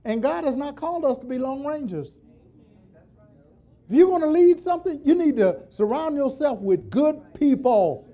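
A man preaching a sermon, talking straight to his congregation in a lively, folksy way. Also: extremely high pitch, normal speed, dull audio. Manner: animated, folksy, direct to congregation.

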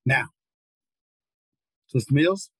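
An older man preaching a sermon over a video call, repeating words and rising into near-shouts. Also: mid-range voice, lively intonation, very slow, breathy edge, no echo, rough recording.

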